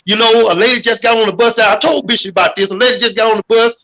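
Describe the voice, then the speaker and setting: A man calling in to a livestream chat, talking in an animated, preachy way and swearing freely. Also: very high-pitched, rapid-fire, muffled recording. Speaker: guest caller.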